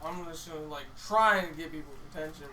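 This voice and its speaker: Bright-voiced, blunt tabletop player. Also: mid-range voice, fast, a little hiss or hum. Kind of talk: casual tabletop role-play. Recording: echoey room, mic at a distance.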